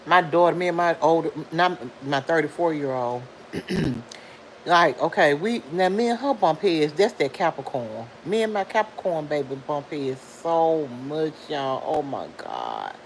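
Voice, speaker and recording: This is a middle-aged woman's casual livestream: she talks loosely, reads viewers' comments aloud, and lets her animated voice swoop high for emphasis at an unhurried, measured pace. The audio is rough, with some hiss or hum.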